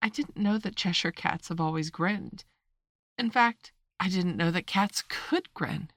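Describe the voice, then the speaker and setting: A woman's voice: on the low side, unhurried, fairly bright tone, no room sound, studio quality. A woman voicing a polite, curious young girl, speaking earnestly.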